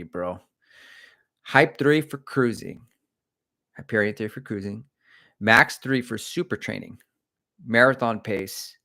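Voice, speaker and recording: Middle-aged male running coach, lower register, chatty and opinionated on a loose livestream. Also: a bit bright. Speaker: running coach and channel host. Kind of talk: casual livestream chat.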